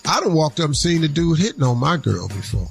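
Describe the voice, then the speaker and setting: A man on a radio show tells a story in a laid-back, anecdotal way. His voice is mid-pitched and strongly gravelly. Faint music plays in the background. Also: big pitch swings, fairly quick. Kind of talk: casual storytelling.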